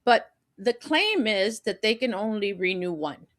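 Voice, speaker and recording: A woman's voice: medium pitch, lively intonation, unhurried, fairly bright tone. A woman co-hosting a podcast, playful and talkative in casual chat. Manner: playful, talkative, laughs easily. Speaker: podcast co-host.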